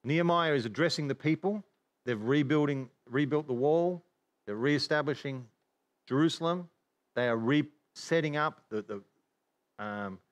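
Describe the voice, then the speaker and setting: A man teaching from the Bible in casual chat, animated, with many restarts. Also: on the high side. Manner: animated, acts out regretful inner voices, many restarts.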